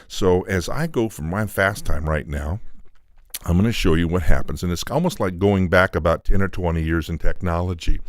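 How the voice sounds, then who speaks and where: A man with a very low, deep voice walks through how a piece of studio gear works, loose and explanatory, with plenty of ums and uhs. He sounds close and dry on a studio mic, sometimes leaning back from it. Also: moderate pace, no room sound. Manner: loose, explanatory, with frequent fillers. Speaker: equipment designer demonstrating a preamp. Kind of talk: technical product demonstration. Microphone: studio microphone, moving on and off it.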